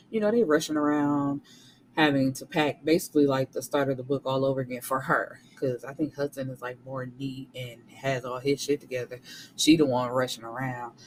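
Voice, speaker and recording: A woman recapping a romance novel for her viewers in a casual, animated way, swearing freely and talking back to the characters. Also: a bass voice, a little hiss or hum, rough recording. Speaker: book reviewer.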